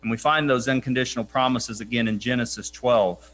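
A man preaching a sermon, earnest and emphatic, slowing down to press key points and quoting scripture with weight. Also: medium pitch, a bit bright, a little hiss or hum.

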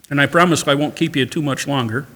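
A man preaching a sermon with a fairly high voice. He reads scripture aloud and climbs into loud, emphatic stretches to drive his points home. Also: husky. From Catholic upbringing. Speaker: pastor.

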